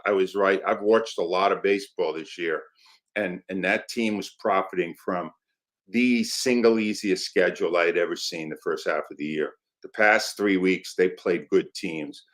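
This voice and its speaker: An older man, a sports writer guest on a talk show, delivering firm contrarian opinions in short declarative sentences. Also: lowish voice.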